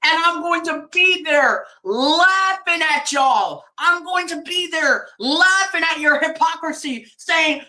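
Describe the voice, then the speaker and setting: A woman's voice: very high-pitched, slow pace, few pauses, bright, forceful tone. A woman streaming a fired-up religious rant. She preaches, mocks, laughs and swears a lot.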